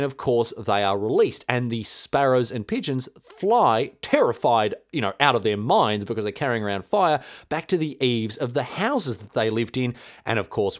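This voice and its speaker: A man hosting a podcast, telling a history story in an irreverent, rambling, slang-filled way. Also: medium pitch. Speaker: podcast host.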